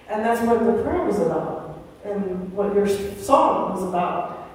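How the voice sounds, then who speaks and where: A woman's voice: mid-range voice, measured pace, recorded from a distance. An older woman giving a rambling, chatty spiritual talk at a Sunday gathering, often acting out the voices she quotes. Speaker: guest speaker. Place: large hall of a spiritual center. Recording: echoey hall recorded from afar.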